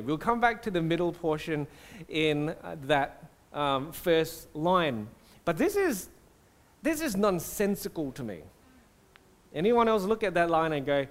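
A man from Singapore, a pastor preaching a conversational, animated sermon. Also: high voice, unhurried.

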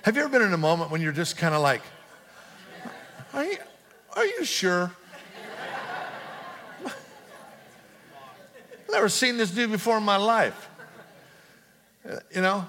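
A middle-aged pastor with a high, bright, forceful voice preaches in a church auditorium, animated and at normal speed with frequent pauses. He starts by chattily telling a personal story, then builds to emphatic, repeated calls with rising intensity.

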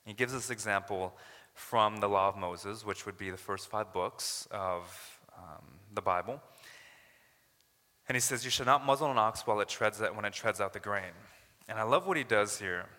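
A man's voice: lowish voice, normal speed, sharp tone, long reverb tail. A man from Canada preaching a sermon as a pastor, earnest and building to emphatic paraphrases of scripture.

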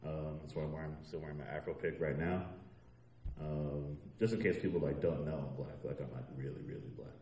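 A man on a discussion panel, joking in a self-deprecating way and trailing off quietly. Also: rumbling low, fairly quick, echoey room, recorded from a distance, slight background noise.

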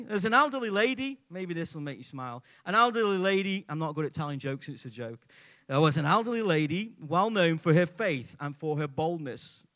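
A man preaching a sermon to a live congregation in a conversational way, often asking the audience questions. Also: sits high. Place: church before a live congregation.

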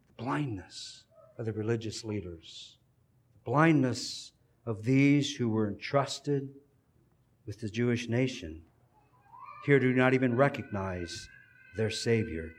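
A man's voice: mid-range voice, a little slow, pauses often, slightly rough. Earnest male preacher delivering a sermon.

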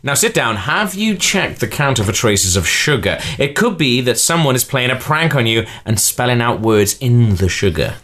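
A man's voice: mid-range voice, sing-song, fairly bright tone. A man playing a stiff, officious police officer taking a complaint. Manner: formal, measured, officious.

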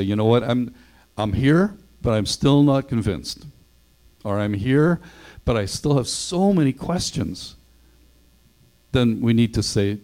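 A man's voice: mid-range voice, mellow, rough recording. A male pastor preaching a sermon in a conversational way, acting out the voices of the people he quotes.

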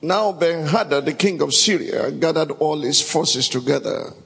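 A man's voice: on the high side, normal speed, creaky, a bit bright, husky. A man preaching a sermon, emphatic and calling out to the congregation for responses. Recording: long hall reverb.

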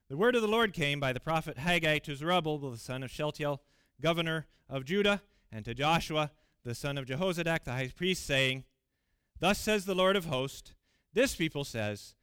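Male preacher in a church, fairly high voice, smooth and resonant, close and dry sound, earnest and emphatic. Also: fairly bright tone, no echo. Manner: earnest, emphatic, with fillers and restarts. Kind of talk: sermon with scripture reading.

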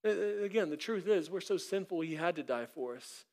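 Man preaching, pastor, high voice, animated delivery, stumbles and restarts. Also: brisk. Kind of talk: sermon.

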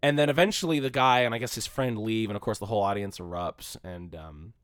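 A man's voice: on the low side, brisk, smooth, dry recording. A man co-hosting a podcast in casual chat, rambling and swearing freely. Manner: rambling, swears freely, acts out shouting crowds. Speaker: podcast co-host.

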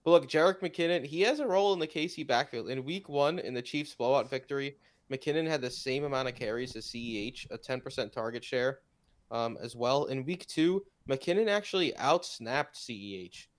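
A man's voice: medium pitch, moderate pace. A man co-hosting a fantasy football podcast, running through stats and teasing his co-host. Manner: teasing, stat-driven. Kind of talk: casual fantasy football analysis.

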